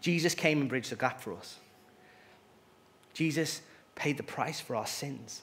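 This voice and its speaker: A male pastor delivering a sermon in an earnest, emphatic way, dropping into relaxed asides now and then. His voice sits at a middle pitch for a man. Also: measured pace.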